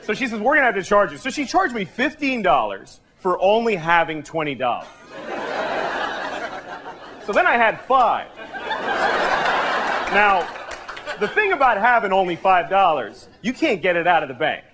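A man performing a stand-up comedy set on a club stage, talking in a deadpan conversational way with sudden yelps. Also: high voice, measured pace, long pauses. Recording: live club recording, audience and room noise.

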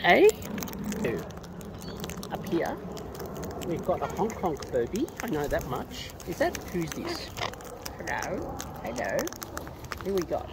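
A man's voice: on the high side, huge pitch swings, slow, gravelly, long pauses. A man feeding wild birds outdoors, chatting to them in a playful, coaxing sing-song way. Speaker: bird-feeding vlogger. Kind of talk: casual talk to birds while filming. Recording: loud background noise outdoors.

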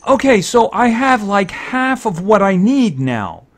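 A man giving casual gameplay commentary, thinking aloud, excitable and fretting over each purchase. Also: sits high, measured pace. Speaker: let's-play commentator.

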